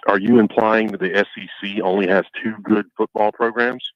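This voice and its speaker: A man's voice: fairly low pitch, fairly even intonation, brisk, no echo, lo-fi sound. A man co-hosting a sports talk show in a mock-formal, sarcastic manner. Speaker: co-host. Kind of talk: casual sports chat.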